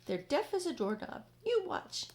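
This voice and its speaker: A woman reading aloud, voicing a boastful, rude male centipede who scoffs and shouts insults. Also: high-pitched, big pitch swings, normal speed, pitched above the performer's own voice. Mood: scoffing. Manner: mocking, loud, insulting.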